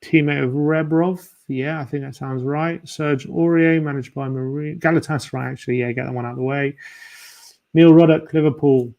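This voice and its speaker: A man's voice: medium pitch, steady tone, a little fast, hardly any pauses, a little mellow, lo-fi sound. A man hosting a fan livestream, chatting casually and muttering his guesses to himself as he plays a quiz. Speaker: fan channel host. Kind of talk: casual livestream chat while playing a quiz.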